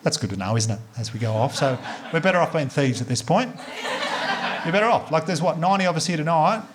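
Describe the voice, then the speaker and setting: An Australian man performing stand-up in a comedy club, his voice pitched a little high and racing through anecdotes. He drops into acted bits of dialogue and swears casually as he goes. A faint hum of room noise sits under the stage mic. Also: fast talker. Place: comedy club stage before a live audience.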